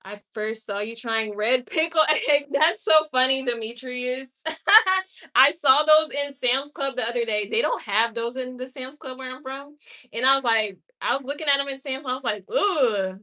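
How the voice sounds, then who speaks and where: This livestreamer has a high, sharp-toned voice. She chats in a relaxed way, reacting candidly to viewer comments with quick laughs and exclamations.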